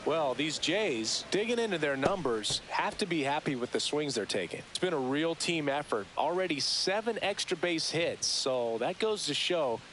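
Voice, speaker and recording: A man voicing a calm, measured color analyst in a baseball video game, with a smooth analytical delivery. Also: fairly high pitch, slight background noise. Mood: analyzing. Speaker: color commentator.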